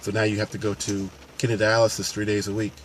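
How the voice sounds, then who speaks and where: A man who works as a paramedic and fitness coach talks earnestly to camera, unscripted and casual, often restarting his sentences. His voice is lowish and level, the pace quick, with a little hiss or hum behind it.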